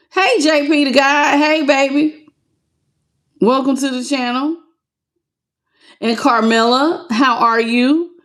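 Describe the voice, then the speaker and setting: A woman giving a live tarot reading, talking bluntly and sassily and calling her viewers baby and honey. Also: fairly high pitch. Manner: greets live chat viewers by name. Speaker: tarot reader.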